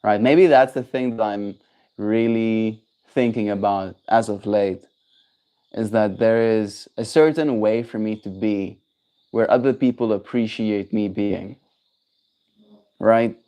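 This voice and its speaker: A young South African man with a South African accent, musing softly as he chats on a livestream, slow and soft-spoken. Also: fairly low pitch, clean tone. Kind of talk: reflective livestream chat.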